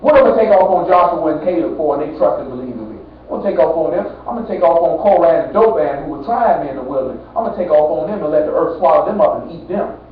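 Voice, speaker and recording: A man gives an informal bible teaching, quoting verses and breaking them down in a loose, conversational way. His voice sits high for a man and comes from far off the mic. The recording is tinny and thin, with a heavy echo around him. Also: lively intonation, fast talker. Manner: conversational, street-talk preaching with constant "you know what I'm saying"; quotes scripture, then explains it plainly. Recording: distant, tinny, very echoey lo-fi recording with faint hiss.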